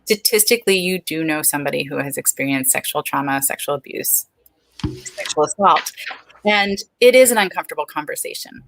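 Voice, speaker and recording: A woman's voice: sits low, lively intonation, brisk, fairly bright tone, slight background noise, rough recording. A woman in her forties, a speech-language pathologist, speaking frankly and earnestly as an interview guest. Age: 40s. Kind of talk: candid interview talk.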